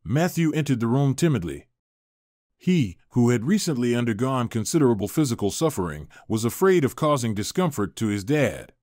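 Steady male storyteller, dry close sound. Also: mid-range voice, normal speed, dry recording. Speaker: narrator. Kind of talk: scripted story narration.

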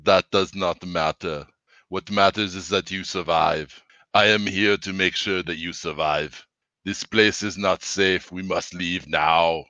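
A man voicing a stoic, determined male protector from the future, speaking in flat, commanding, clipped lines with a clumsy put-on accent. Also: deep voice, unhurried, no echo. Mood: urgent.

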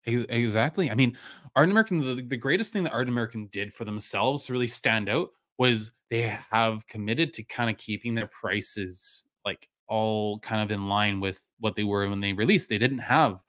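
A man hosting a live stream, chatting casually and answering viewers in a loose, rambling way with lots of fillers, his voice going a little hoarse. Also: on the low side, moderate pace, dry recording, studio quality. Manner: relaxed, rambling, many fillers and restarts. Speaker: live-stream whisky reviewer, host.

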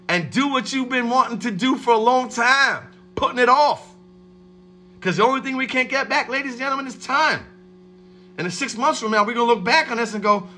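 A man hosting a livestream, giving a streetwise motivational pep talk and shouting out viewers by name. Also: very high-pitched, expressive, a little fast. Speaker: livestream host.

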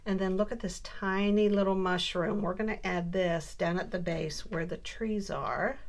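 A woman's voice: mid-range voice, little pitch movement, normal speed. A woman hosting a casual scrapbooking tutorial, chatting through each step and telling a story as she works. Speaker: crafting channel host.

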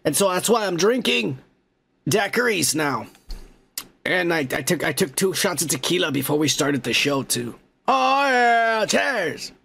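A middle-aged man with a fairly high, gravelly voice hosts a podcast and reads out viewer comments. He talks in a loose, profane, joking way and breaks off to shout cheers to viewers. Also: animated, normal speed. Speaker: podcast host. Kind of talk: casual comment-reading chat.

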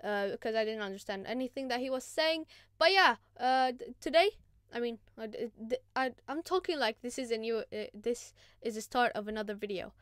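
A woman hosting a gaming channel, giving casual gameplay commentary in an excitable, chatty, self-mocking way. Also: on the high side, a little fast, clear, resonant tone, no echo, clean studio sound.

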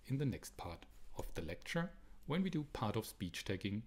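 A man's voice: fairly low pitch, sing-song, moderate pace. Man giving a recorded university lecture. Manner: explanatory, rhetorical questions, frequent restarts.

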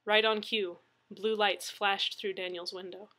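A woman narrating a story aloud in a measured storytelling manner. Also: mid-range voice, fairly even intonation, pushed and bright. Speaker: audiobook narrator. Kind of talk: story reading.

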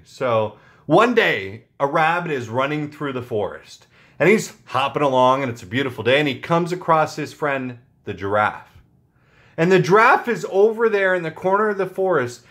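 Male channel host with a slightly high voice, loose and joking, full of fillers. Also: fairly bright tone. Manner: rambling, joking, with frequent fillers. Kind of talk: casual chat to viewers.

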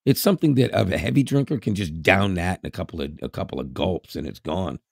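A man's voice: low voice, expressive, a little fast, vocal fry, breathy edge. A Canadian man in his fifties with a Canadian accent, co-hosting a podcast in casual, rambling chat with frequent laughs. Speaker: podcast co-host.

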